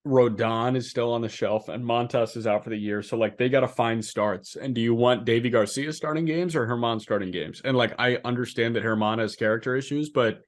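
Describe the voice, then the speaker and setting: A man co-hosting a casual sports podcast, talking in an animated, incredulous way and jumping to high, emphatic pitch when he makes a point. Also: a little fast, few pauses. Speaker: co-host.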